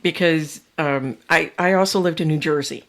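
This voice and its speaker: A woman's voice: low voice, normal speed, fairly bright tone. A woman hosting a podcast in casual chat, chatty and self-deprecating. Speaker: podcast host.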